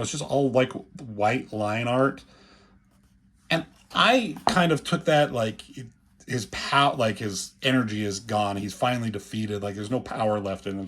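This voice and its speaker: A man giving casual, rambling commentary on comic pages, profane and full of filler words, with a husky voice. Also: lowish voice.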